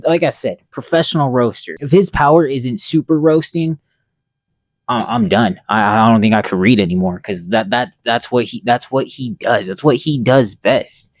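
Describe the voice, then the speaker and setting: A man's voice: mid-range voice, normal speed, dry recording. A man giving a casual, rambling and profane commentary as a comic reviewer.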